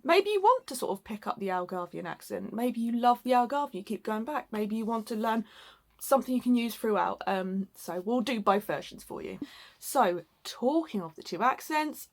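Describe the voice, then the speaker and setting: A woman's voice: fairly high pitch, a bit bright. A woman from the UK co-hosting a casual Portuguese lesson, chatting loosely with lots of likes and ums. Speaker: co-host teaching Portuguese phrases.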